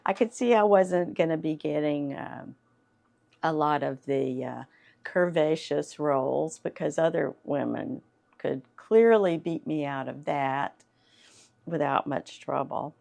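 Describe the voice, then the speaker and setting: Woman, 60s, faint Southern accent, low-pitched, unhurried anecdotal talk. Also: creaky, a little mellow. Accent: light Southern US. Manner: chatty, unhurried, laughs often. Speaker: actress and voiceover artist giving a talk. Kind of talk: storytelling talk to an audience.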